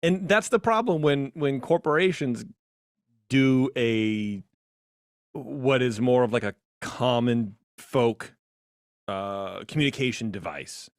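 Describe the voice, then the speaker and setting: A man co-hosting a podcast in casual, opinionated chat, animated and jumping into high mocking voices. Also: slow pace, dry recording, studio quality. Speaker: podcast co-host.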